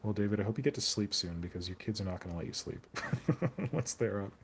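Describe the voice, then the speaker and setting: A man's voice: on the low side, lively intonation, fast, gravelly, a little hiss or hum. A man chatting casually on a hobby live stream, rambling and joking as he answers viewer comments. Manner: rambling, jokey, answers viewer chat aloud.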